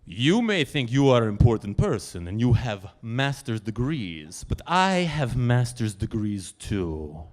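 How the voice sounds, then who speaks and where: A man voicing a stern, haughty woman, speaking slowly and formally on a live stage. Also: medium pitch, very animated, pitched below the performer's own voice. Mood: imperious. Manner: slow, commanding, overly formal. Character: stern haughty Polish woman student, proud and imperious. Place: stage at a live storytelling event.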